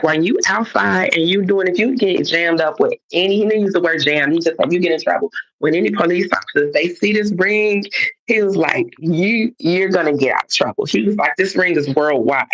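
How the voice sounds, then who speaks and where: A woman's voice: lowish voice, normal speed. A woman casually telling a long story on a live stream, acting out what others said. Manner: animated retelling that acts out others' lines. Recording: dull lo-fi stream audio.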